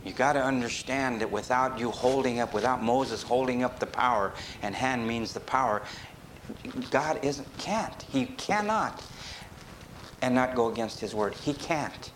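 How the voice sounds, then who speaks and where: A male preacher delivering a sermon in a mid-range voice. He swings from loud, emphatic peaks down to low, quiet asides. A faint hiss sits under the recording. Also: a little slow. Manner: animated, rises to emphatic peaks and drops low.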